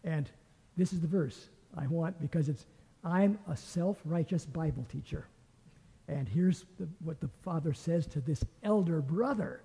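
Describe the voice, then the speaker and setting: An older man teaches scripture in a lively storytelling way, acting out the voices in the story. His voice is dark and a little husky, and a long hall reverb trails behind it. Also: a little high, a little slow. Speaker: Bible teacher. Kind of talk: teaching a Bible class.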